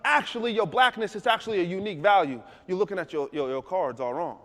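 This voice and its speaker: A man's voice: sits high, fast, fairly bright tone, voice pushed up. A man voicing his firm, encouraging father, preaching with rising emphasis. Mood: earnest. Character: wise father, middle-aged, firm and encouraging. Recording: long hall reverb.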